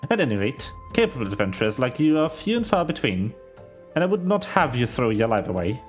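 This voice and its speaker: A man voicing a stern veteran sellsword captain, reading game dialogue aloud in a lowered, measured tone. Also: big pitch swings, soft background music, lightly acted. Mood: grave. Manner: low, grave, measured.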